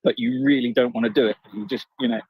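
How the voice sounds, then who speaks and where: Husky man in a casual chat. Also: mid-range voice, steady tone, fast talker, no room sound, phone-quality sound. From outside the US.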